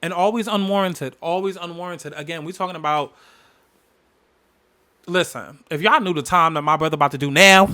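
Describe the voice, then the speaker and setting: A man's voice: on the high side, a little fast, bright, forceful tone, clear, resonant tone. A man hosting a podcast, telling a personal story in an emphatic, candid way. He repeats phrases for weight and swears freely. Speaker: podcast host.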